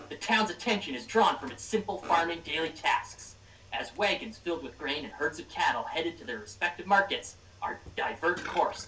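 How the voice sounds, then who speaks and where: A man's voice: high-pitched, sharp tone. A man running a tabletop game as dungeon master, reading scene-setting narration and casually asking his players questions. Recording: roomy, distant mic, faint noise.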